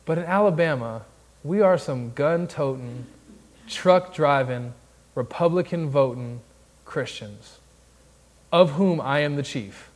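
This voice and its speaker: A man's voice: on the high side, slow pace. Emphatic Southern preacher man. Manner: emphatic, building lists with rising force. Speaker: pastor candidate preaching. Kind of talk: sermon.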